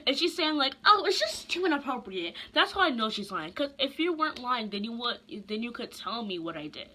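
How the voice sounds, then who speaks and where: A young woman telling a casual storytime, chatty and animated, full of slang and asides. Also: fairly high pitch, brisk, slight background noise. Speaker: vlogger.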